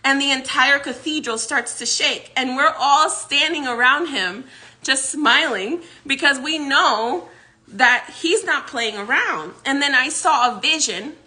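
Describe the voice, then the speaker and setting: A woman's voice: sits high, bright, forceful tone. A woman vlogger casually recounting a dream, rambling with many restarts and frequent laughs. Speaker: psychic vlogger. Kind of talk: casual storytelling.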